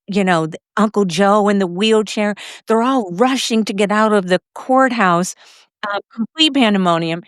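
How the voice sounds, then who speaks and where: A middle-aged woman hosting a podcast, telling a personal story in a lively way, laughing often. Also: mid-range voice, smooth, dry recording, studio quality. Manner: lively, acts out other people's lines, laughs often.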